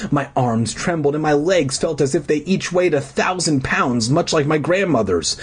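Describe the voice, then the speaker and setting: A husky, medium-pitched man reads a horror novel aloud as a joke, peppering it with snide, profane remarks and exaggerated drama.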